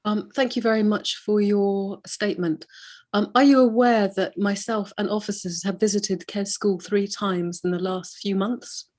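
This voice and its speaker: Hesitant councillor on a video call. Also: male voice, high-pitched, fairly even intonation, normal speed, a little mellow. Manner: hesitant, defensive, stammering restarts.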